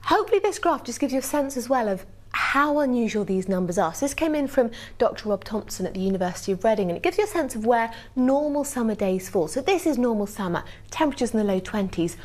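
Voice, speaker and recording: A British woman with a fairly high voice presents the weather in an animated, emphatic way, leaning into key words. She speaks from a television studio. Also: fast talker. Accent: British English.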